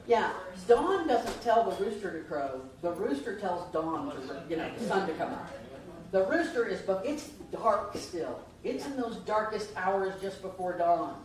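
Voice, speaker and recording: A woman's voice: mid-range voice, very animated, unhurried. Woman preaching in a very echoey hall. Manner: conversational storytelling, asks the congregation questions. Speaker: minister. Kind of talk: Easter sermon. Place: church sanctuary. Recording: distant mic, very echoey hall, faint noise.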